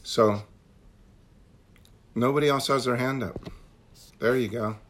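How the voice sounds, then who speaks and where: A man's voice: medium pitch, slow, a little hiss or hum. A man leading a recovery meeting on a call, talking earnestly and repeating phrases for emphasis. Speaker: meeting leader.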